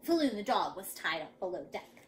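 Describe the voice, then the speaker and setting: A woman reading a picture book aloud to young children, dramatic and lively. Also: mid-range voice, moderate pace, a little hiss or hum. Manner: animated, dramatic. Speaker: children's storyteller.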